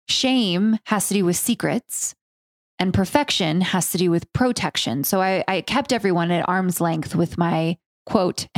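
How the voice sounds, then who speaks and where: Woman host, intimate spoken-word storyteller, slow and deliberate, dry close mic, earnest with casual swearing. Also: on the low side, no room sound.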